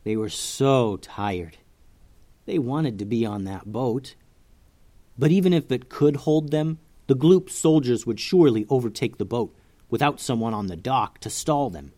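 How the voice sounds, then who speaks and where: A man reading a children's adventure story aloud with expressive narration. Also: medium pitch, unhurried.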